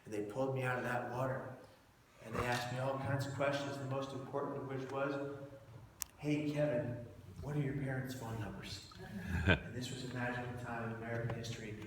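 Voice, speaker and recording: A man telling his personal story to an audience as a public speaker, dramatic, swinging between hushed and loud. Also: medium pitch, steady tone, fast talker. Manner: dramatic, shifts from hushed to shouting for effect. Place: large event hall. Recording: echoey hall, mic far off, noisy.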